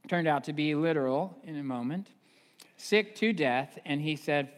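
A male pastor retells a story in a relaxed, animated sermon, with an everyday ring of ums and asides. His voice sits a little high for a man. A long church reverb follows each phrase. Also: normal speed. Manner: casual, animated storytelling with fillers.

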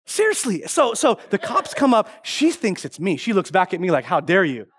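High-voiced animated male pastor. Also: moderate pace, slightly rough. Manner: animated, joking storyteller. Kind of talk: sermon.

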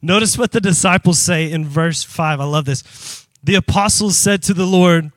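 A pastor preaching a sermon in church, animated and emphatic, calling out to the congregation and breaking into shouts. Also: male voice, high voice, moderate pace, no room sound. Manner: animated call-and-response preaching.

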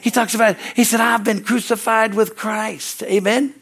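High-voiced fervent Southern pastor preaching. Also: male voice, level tone, normal speed, creaky, a bit bright. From Southern United States. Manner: fervent preaching with call-and-response asides. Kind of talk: sermon. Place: church service.

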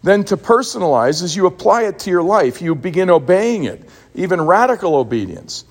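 A man's voice: sits high, very animated, fairly quick, in a large hall. A man preaching a sermon as a pastor, telling stories with emphatic repeated words.

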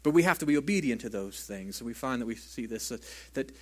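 A man preaching a sermon in an earnest, conversational way, sometimes dropping to a hushed voice and often asking his listeners "right?". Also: mid-range voice, expressive, fast talker. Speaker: pastor.

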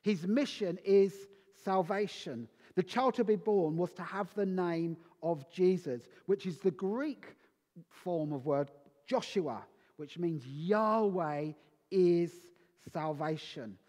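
Slow high-voiced preacher in a reverberant hall. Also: male voice, animated, darkish tone. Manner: slow, emphatic preaching with dramatic pauses. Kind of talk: Christmas sermon. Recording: long reverb of a large hall.

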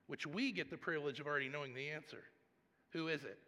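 The sermon comes from a pastor whose voice is fairly high, bright and forceful, and he keeps a quick pace. His preaching is conversational and story-driven, moving from hushed asides to loud bursts, all echoing with a long reverb through a large sanctuary.

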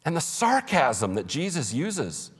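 A man's voice: fairly high pitch, wildly swooping pitch, a little slow, slightly rough, long reverb tail. A man preaching a sermon as pastor, emphatic and conversational, with humorous asides. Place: church.

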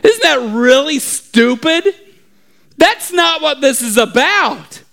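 High-voiced, slow-speaking man preaching. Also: animated, gravelly. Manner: storytelling, swinging from hushed to shouting. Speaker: pastor. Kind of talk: sermon.

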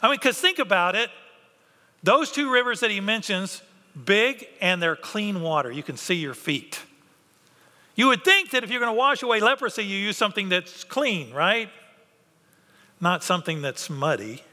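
Pastor, male, bright and high-voiced, animated sermon delivery in a reverberant sanctuary. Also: normal speed. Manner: animated, acts out biblical characters' voices. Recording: long hall reverb.

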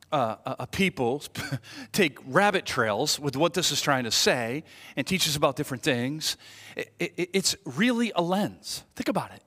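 A man in his forties preaching a sermon, chatty and animated, telling jokes about himself and stumbling over restarts. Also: fairly high pitch. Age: 40s. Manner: animated, chatty, self-deprecating, lots of restarts. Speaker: pastor. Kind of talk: sermon with humorous stories. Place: church sanctuary. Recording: reverberant hall.

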